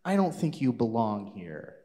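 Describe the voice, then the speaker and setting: A man's voice: mid-range voice, very animated, unhurried, mellow, long reverb tail, voice pushed down. A man voicing a snobbish grown man who coldly turns a guest away in a children's story. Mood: dismissive. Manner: cold, dismissive.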